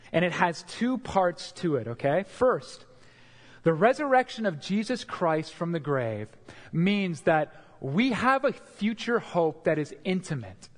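A man preaching a sermon as pastor, earnest and expressive, sometimes repeating words as he builds a point. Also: high voice. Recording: long hall reverb.

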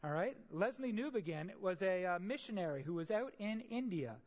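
A preacher tells a parable and then explains it in a sermon. The delivery is emphatic and animated, with a lively pitch and frequent "right?" asides. A long reverb trails through the hall. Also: moderate pace. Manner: storytelling, emphatic, often adds "right?".

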